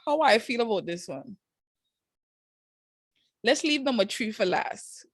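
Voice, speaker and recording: A woman's voice: fairly high pitch, lively intonation, unhurried, husky, no room sound. A woman teaching a live online math class, walking students through each step in a casual, encouraging way with slang asides.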